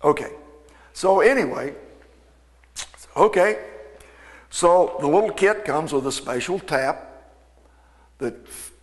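A man, an aircraft mechanic, telling an animated, folksy story to an audience and acting out the dialogue. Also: mid-range voice, vocal fry. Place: event hall. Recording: long hall reverb.

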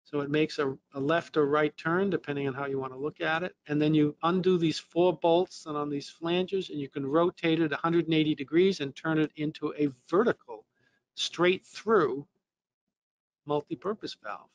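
New England male trainer, slightly high voice, casual explainer with fillers. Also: normal speed, lo-fi sound, slight background noise. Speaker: technical trainer. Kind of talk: technical lesson.

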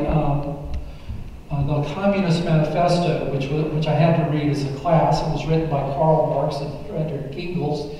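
A man in his sixties giving a personal testimony sermon in a church, halting with many fillers and restarts. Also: fairly high pitch, warm tone, slight background noise. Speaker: preacher. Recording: echoey hall, voice from a distance.

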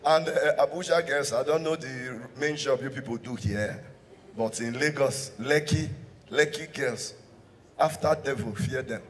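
A man's voice: mid-range voice, a little slow, slight background noise. A man with a Nigerian accent performing live stand-up comedy, switching between English and Pidgin and laughing at his own jokes. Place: live show venue in a hall. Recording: hall reverb from a live stage mic.

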